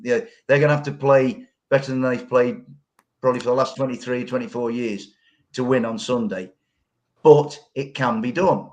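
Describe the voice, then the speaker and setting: A man talking football as a podcast guest, earnest and rambling, with colourful phrasing. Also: medium pitch. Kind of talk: casual football podcast chat.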